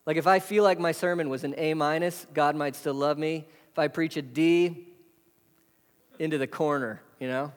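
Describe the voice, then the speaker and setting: A pastor preaching a sermon in a conversational way, full of rhetorical questions. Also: male voice, on the high side, fairly even intonation, moderate pace. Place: church hall. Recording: hall reverb.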